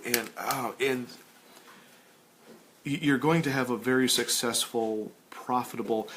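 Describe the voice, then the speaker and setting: A man hosting a casual chat while sketching, ranting with animated stammered restarts. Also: mid-range voice, a little hiss or hum.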